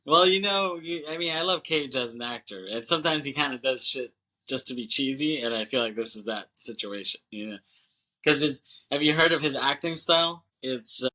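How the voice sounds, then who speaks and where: A man's voice: mid-range voice, pushed and bright. A man co-hosting a movie podcast, chatting casually and rambling as he swears and acts out scenes. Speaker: podcast co-host.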